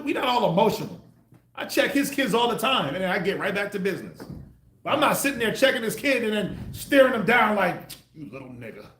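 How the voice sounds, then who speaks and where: A man preaching to a group, acting out the voices he quotes with sudden loud bursts. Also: high voice, reverberant. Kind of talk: street sermon teaching.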